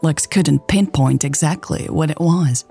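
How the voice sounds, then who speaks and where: A woman narrating a romance story in a calm, even storytelling voice. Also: sits low, unhurried, gravelly, husky, soft background music. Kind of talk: scripted audiobook narration.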